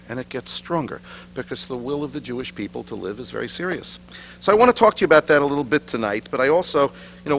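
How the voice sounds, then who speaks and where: A middle-aged man, giving a lecture full of anecdotes and self-deprecating humor in a synagogue hall. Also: medium pitch. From New York, USA. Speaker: guest lecturer. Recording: dull lo-fi recording with faint hum.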